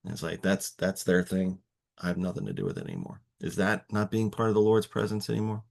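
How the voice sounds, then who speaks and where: Low-voiced man musing over scripture. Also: fast, vocal fry, darkish tone. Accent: Texan. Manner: musing, conversational, many fillers and restarts. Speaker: Bible study host. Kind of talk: casual Bible reading and reflection.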